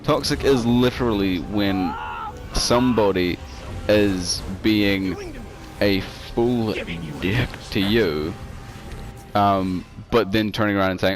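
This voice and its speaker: A young man with a fairly low voice talks casually while co-hosting a gameplay show. He rambles with plenty of ums and likes, sometimes dropping to a mumble. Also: slow pace, over music. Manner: rambling, filler-heavy, drops to mumbles. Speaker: co-host. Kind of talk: casual chat over gameplay.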